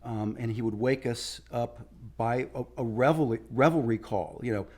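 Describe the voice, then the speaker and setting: Halting man recalling his father. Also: mid-range voice, a little mellow. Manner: halting, many restarts and fillers. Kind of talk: documentary interview remembrance.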